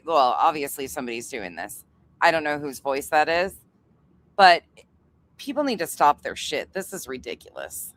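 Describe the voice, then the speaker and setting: A channel host reacting to a clip with blunt, exasperated commentary and frequent swearing. The voice swings widely in pitch and stays at a middle pitch overall. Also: a bit bright.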